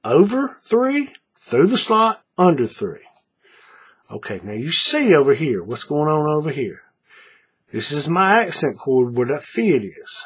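A man's voice: on the high side, sing-song, a little slow, slightly rough. A man teaching a paracord bracelet step by step in a folksy tutorial, repeating each move and checking in with viewers. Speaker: paracord craft instructor. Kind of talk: hands-on tutorial narration.

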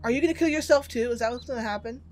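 Speaking in a racing, fairly high voice with a darkish tone, this game streamer chats casually through a horror game, reacting, joking and cursing. Faint music plays behind her let's play commentary.

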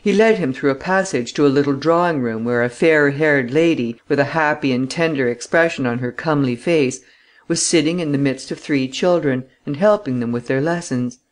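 A male narrator reading a classic novel aloud in a steady, even manner. His voice sits a little high for a man. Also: normal speed. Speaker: audiobook narrator. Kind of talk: scripted narration.

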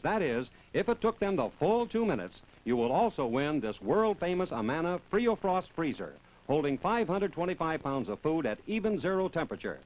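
A man working as a 1960s television announcer, reading prize copy in a smooth, polished pitchman delivery. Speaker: show announcer. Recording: dull vintage TV audio.

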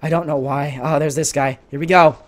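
A man with a hoarse voice giving exasperated, sarcastic, excitable commentary over his own gameplay. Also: fairly high pitch, brisk. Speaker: gaming channel host.

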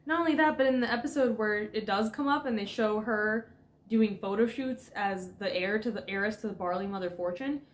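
A woman co-hosting a casual comic reaction chat, animated and sarcastic, often acting out characters' lines. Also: mid-range voice, brisk. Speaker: co-host.

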